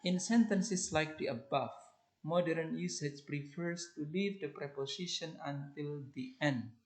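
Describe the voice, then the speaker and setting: Slow, deliberate male English teacher. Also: fairly high pitch, a little mellow, low-quality recording. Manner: slow, deliberate, measured reading. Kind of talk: reading a grammar lesson aloud.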